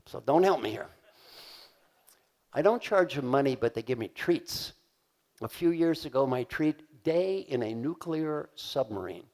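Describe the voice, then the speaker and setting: Lively older man giving a keynote. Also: mid-range voice, a little slow. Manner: animated, acts out voices, asks the audience to answer. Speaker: keynote speaker. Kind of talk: motivational keynote talk. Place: large conference hall.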